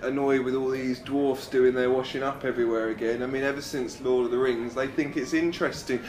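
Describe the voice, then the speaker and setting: A man hosting a comedy podcast, playful and quick to laugh, often dropping into mock voices. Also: medium pitch, steady tone, darkish tone. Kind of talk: improvised comedy chat and narration. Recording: echoey room, faint noise.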